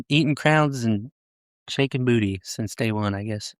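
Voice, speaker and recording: A man's voice: medium pitch, sing-song, takes it slowly, a bit bright, no room sound, clean studio sound. A man, a police officer, telling stories in a casual, blunt and profane way, slipping into the voices of the people he quotes. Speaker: police officer, podcast guest. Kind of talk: casual storytelling chat.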